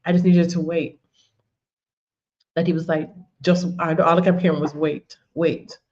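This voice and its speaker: A woman's voice: fairly low pitch, little pitch movement, normal speed, darkish tone, muffled recording. A woman giving a conversational faith teaching, telling personal stories, repeating words and often saying "you know". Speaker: women's ministry teacher.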